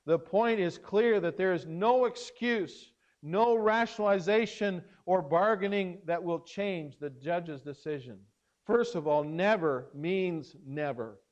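Male pastor preaching with earnest emphasis, somewhat higher voice, dull lo-fi recording. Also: takes it slowly. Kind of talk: sermon.

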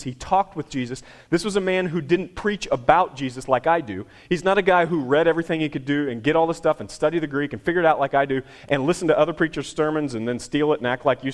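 A man preaching a sermon in a conversational, emphatic way, repeating phrases for effect. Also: fairly high pitch. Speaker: pastor.

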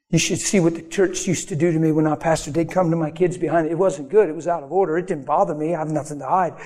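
A man preaching a sermon as pastor, animated, acting out quoted voices and laughing between lines. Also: a little high, big-room sound.

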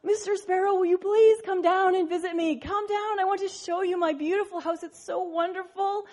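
A woman's voice: very high voice, fairly even intonation, moderate pace, a little mellow, voice pushed up. A woman voicing a naive, cheerful little male frog in a storytold sermon, eager and pleading.

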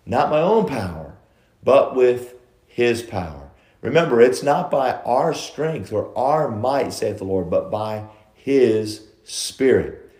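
A male pastor preaching a sermon, moving between loud emphasis and hushed asides, quoting scripture. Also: mid-range voice, big pitch swings, takes it slowly, echoey room. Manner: preaching storyteller, quotes old scripture language.

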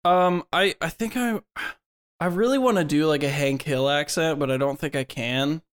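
A man's voice: fairly high pitch, normal speed. A man co-hosting a casual podcast, running a quiz game in a playful, joking way and laughing often.

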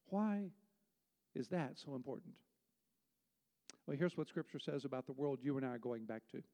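A man's voice: mid-range voice, animated, moderate pace, mellow. A man preaching a sermon as pastor, emphatic and rhetorical, reading scripture aloud. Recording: long hall reverb.

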